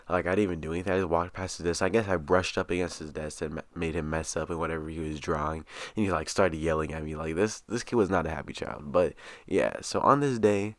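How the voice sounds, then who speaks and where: A man's voice: low voice, no echo. A young man telling a rambling, casual story as a vlogger, full of fillers and swearing.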